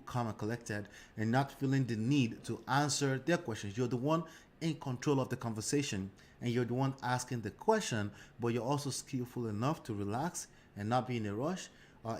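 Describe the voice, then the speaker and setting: A man teaching a live real estate session in a relaxed coaching manner, acting out calls to sellers. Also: medium pitch, a little hiss or hum.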